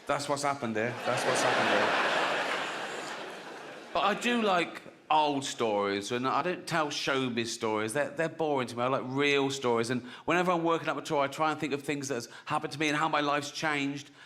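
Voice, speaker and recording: A man's voice: on the high side, fairly quick, hardly any pauses, fairly bright tone. A man, telling stand-up stories in a conversational way and checking in with the audience. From England. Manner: conversational, keeps checking in with "right?". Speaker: stand-up comedian. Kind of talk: stand-up storytelling.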